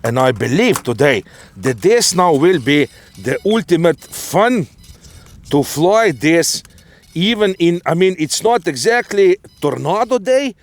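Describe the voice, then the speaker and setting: Man, fairly high voice, loud and excitable, windy field, windscreen mic. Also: measured pace. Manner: loud and enthusiastic, laughs often. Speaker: co-host of an RC hobby channel. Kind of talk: casual outdoor chat to camera. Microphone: mic with furry windscreen.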